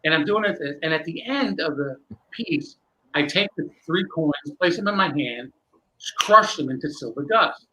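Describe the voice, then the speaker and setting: A man, a magician guest, telling a long animated story with many restarts in a candid interview. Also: fairly high pitch, moderate pace, rough recording.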